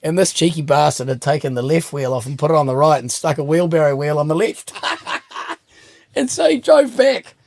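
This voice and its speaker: A man's voice: fairly high pitch, fairly even intonation, fast, darkish tone, dry recording. A middle-aged man, hosting a casual chat, telling cheeky stories with dry humour and plenty of swearing. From New Zealand. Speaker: host.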